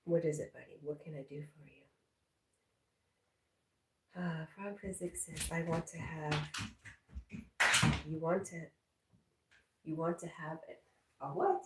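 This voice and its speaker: Low, slow-talking woman livestreaming from home. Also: steady tone, a little mellow. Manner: chatty, talks to her pet and reads viewer comments aloud. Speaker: livestream host. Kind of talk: casual livestream chat. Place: home indoors. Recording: roomy echo, mic at a distance, faint noise.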